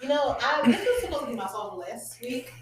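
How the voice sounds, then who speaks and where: A woman's voice: high-pitched, big pitch swings, brisk, a bit bright, echoey room, a little hiss or hum. A woman in her twenties co-hosting a podcast, telling stories animatedly and laughing often. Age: 20s. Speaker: podcast co-host. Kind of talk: casual chat.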